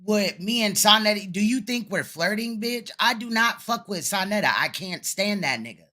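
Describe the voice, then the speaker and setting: A commentator with a bright, forceful voice talks over a replayed livestream. The delivery is blunt, sarcastic and profane, with pointed rhetorical questions. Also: medium pitch, animated, moderate pace. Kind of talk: reaction commentary on a livestream clip.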